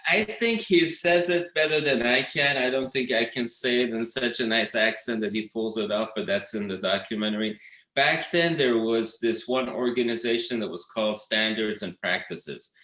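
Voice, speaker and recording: A man talks casually as an interview guest, rambling through anecdotes with frequent fillers and restarts. His pitch sits in the middle range. The recording carries a noticeable roomy echo. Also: normal speed, bright, forceful tone. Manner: rambling storytelling with many fillers. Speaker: documentary director, guest.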